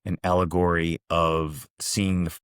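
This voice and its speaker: A man hosting a reflective monologue, calmly and earnestly recounting parables. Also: low-pitched, measured pace, clear, resonant tone, no room sound, clean studio sound. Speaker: host, executive coach.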